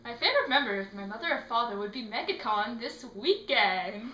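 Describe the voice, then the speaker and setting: A teenage girl answering interview questions in a casual, animated way, acting out little scenes as she talks. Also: a little high, a little fast. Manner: animated, acts out quotes in put-on voices. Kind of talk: casual chat. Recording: echoey room.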